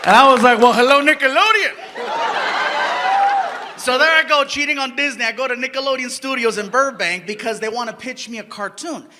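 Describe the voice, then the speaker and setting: A male stand-up comedian telling an animated story on stage, breaking into shouts. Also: extremely high pitch, fast talker, hardly any pauses, a faint crowd. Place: comedy stage before an audience.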